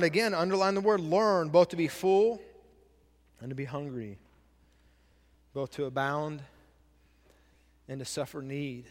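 A man's voice: fairly high pitch, steady tone, a little slow, long pauses. Man preaching in a reverberant hall. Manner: preaching, repeats key words and asks the congregation questions. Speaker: pastor. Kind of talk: sermon. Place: church sanctuary.

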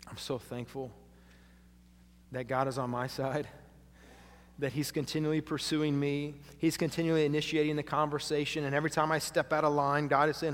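A man preaching a sermon as pastor, dropping to hushed lines and rising to loud, emphatic ones. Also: on the high side, level tone, normal speed. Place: church sanctuary. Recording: long hall reverb.

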